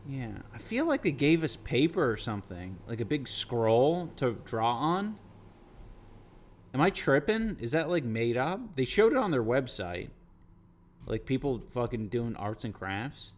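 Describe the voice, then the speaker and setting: A man's voice: mid-range voice, big pitch swings, a little slow, slight background noise. A man streaming, chatting casually with his viewers in a rambling, profane way. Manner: rambling, profane, reacting to chat. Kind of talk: casual livestream chat.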